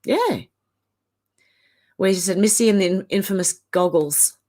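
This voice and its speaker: Aussie lady reading her live chat out loud, slow and easygoing, giggles a lot. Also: mid-range voice, expressive. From Australia. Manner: reads viewer comments aloud, chuckles often. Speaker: livestream host reading chat. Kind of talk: casual chat.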